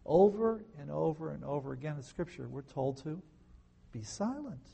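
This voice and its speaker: A man giving conversational Bible teaching, firing rhetorical questions at listeners with wry, sarcastic asides and swinging between soft and loud delivery. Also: a little high, expressive, fairly quick, creaky, slightly rough. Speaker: pastor.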